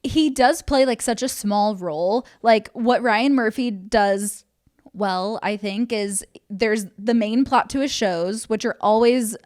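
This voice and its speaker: A woman's voice: on the high side, slow, darkish tone. Chatty young woman podcast host. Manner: chatty, many "like" and "um" fillers. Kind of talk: casual chat.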